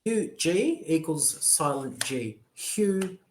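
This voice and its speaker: A man tutors English over a video call in an unhurried, drawn-out way. He is playful and encouraging, slipping jokes in between his pronunciation tips. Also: a little high, animated, pushed and bright, slight background noise. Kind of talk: casual online lesson.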